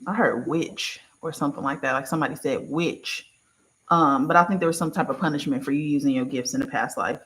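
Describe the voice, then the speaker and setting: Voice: medium pitch, brisk. A spiritual reader in a casual one-on-one session, talking informally and affectionately with terms of endearment. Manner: relaxed, chatty, informal.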